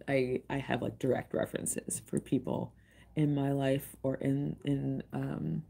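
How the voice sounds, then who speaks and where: A woman's voice: rumbling low, fairly even intonation, a little slow, creaky, warm tone, slight background noise. A woman hosting a livestream, chatting casually in a rambling, emotional way with many restarts. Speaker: livestream host and tarot reader.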